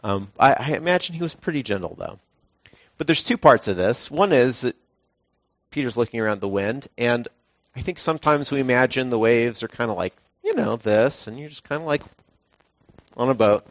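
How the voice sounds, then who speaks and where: Speaking at a normal speed and with plenty of expression, a young man delivers an easygoing sermon full of everyday tales. Now and then he acts out quotes in an abrupt high voice, and the recording is dry.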